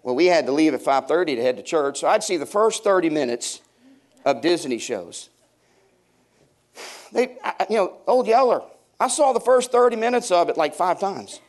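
In church before his congregation, a fifty-something pastor preaches with a somewhat high, expressive voice at a normal pace. He tells funny stories with humor and banters back and forth with the people in the pews.

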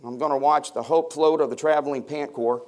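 A man's voice: a little high, steady tone, brisk, darkish tone. A man in his fifties, a pastor preaching a sermon to his congregation, telling funny stories and bantering with the people in the pews. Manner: humorous, storytelling, banters with the congregation. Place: church before a congregation.

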